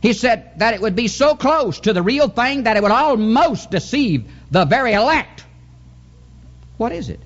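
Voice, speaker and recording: A man preaching a fervent Pentecostal revival sermon, swinging his pitch and chuckling as he goes. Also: very animated, moderate pace, lo-fi sound. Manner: fervent, sing-song preaching with sudden pitch jumps and chuckles.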